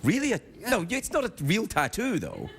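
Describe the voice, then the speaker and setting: A man hosting a late-night talk show, bantering and teasing his guest with quick jokes. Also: high voice, huge pitch swings, vocal fry, husky. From Scotland. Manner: joking, teasing, quick asides. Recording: TV studio with audience laughter and noise.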